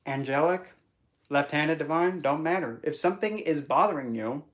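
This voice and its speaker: Speaking at normal speed and medium pitch, a spiritual vlogger rambles chattily to camera, playfully switching into put-on voices. Wordplay and side remarks keep popping up.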